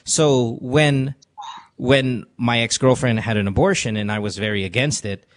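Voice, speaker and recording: A man's voice: medium pitch, a little slow. A man hosting a call-in podcast from a studio, talking earnestly and confessionally, repeating himself as he gives advice. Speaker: podcast host. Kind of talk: emotional call-in advice talk. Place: radio studio.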